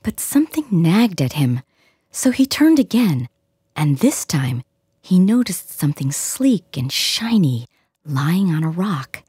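A woman reading a fairy tale aloud in a gentle, hushed storytelling manner, with a soft, breathy, near-whispered delivery. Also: lowish voice, very animated, takes it slowly, dry recording, clean studio sound. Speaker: audiobook reader. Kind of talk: storybook narration.

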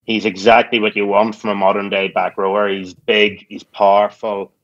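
A man's voice: lowish voice, little pitch movement, moderate pace, a bit bright, no echo, muffled recording. Dry-humoured Irish man chatting. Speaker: podcast guest. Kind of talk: casual chat.

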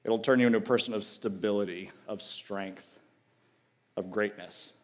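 Here a man preaches as a guest, earnest and conversational, leaning on emphatic repetition and going quiet and low for the crucial lines. His tone stays steady and he speaks at a normal speed.

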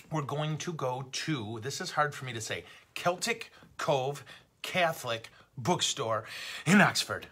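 A man's voice: mid-range voice, pushed and bright, slightly rough. A middle-aged man, a Catholic priest, hosting a casual livestream teaching and rambling along with self-deprecating jokes.

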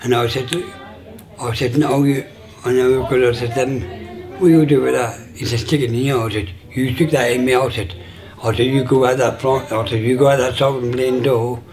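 A man in his sixties tells his life story in a casual, halting way, with many restarts and fillers, and acts out remembered dialogue. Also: mid-range voice, steady tone, a little mellow. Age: 60s.

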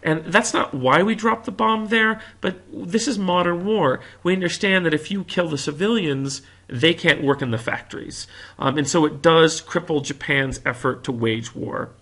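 Bright-voiced American man lecturing history. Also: on the high side, moderate pace. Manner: animated storytelling, acts out quotes. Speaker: history teacher.

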